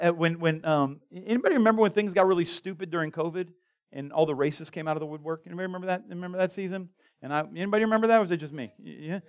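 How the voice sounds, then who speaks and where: A man with a fairly high voice preaches a sermon in a church. His delivery is casual and chatty, full of stammered restarts and asides to the congregation. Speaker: pastor. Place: church sanctuary.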